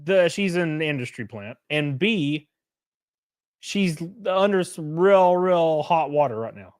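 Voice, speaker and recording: A man's voice: a little high, animated, slow pace, a little mellow, smooth, dry recording. Worn-out male streamer, dry close mic. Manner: reads chat and articles aloud, swears, reacts with sarcasm. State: worn out, short of breath. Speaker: streamer host. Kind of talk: casual livestream commentary.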